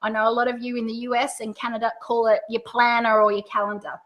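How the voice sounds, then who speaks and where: An Australian woman coaching direct sellers in a video lesson, upbeat and playing up her rising and falling pitch. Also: level tone, fast talker, a bit bright. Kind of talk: video tutorial.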